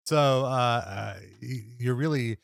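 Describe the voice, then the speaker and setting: A young man co-hosts a casual wrestling review podcast, recapping episodes in a mid-range voice with vocal fry, taking it slowly. He laughs often and does playful impressions of wrestlers and announcers, recorded dry with clean studio sound.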